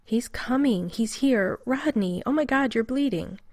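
A woman reads a worried woman in charge who asks urgent questions. The voice has a gravelly fry and is recorded dry and close. It sounds like a plain storybook reading. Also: a little high, lively intonation, measured pace, a little mellow, no room sound, pitched above the performer's own voice. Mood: alarmed.

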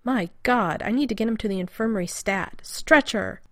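A woman reading a steady, reassuring male doctor in a storybook reading. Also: mid-range voice, normal speed, dry recording, studio quality, close to an everyday voice. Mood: concerned.

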